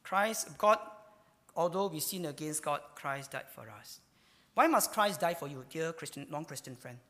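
Emphatic pastor in a reverberant hall. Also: male voice, a little high, animated, moderate pace. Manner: emphatic preaching, with sudden swings between loud and hushed. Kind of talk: sermon.

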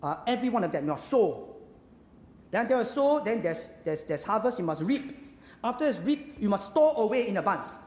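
A preacher, delivering a sermon with emphatic rhetorical questions and sudden drops to a hushed voice. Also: medium pitch, very animated, normal speed. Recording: echoey hall with long reverb.

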